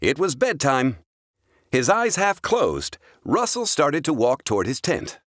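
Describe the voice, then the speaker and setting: A man reads a children's adventure story aloud in a clear, expressive way. His pitch swings widely and animatedly, and the recording is close and completely dry. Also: a little slow, dry recording. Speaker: storybook reader.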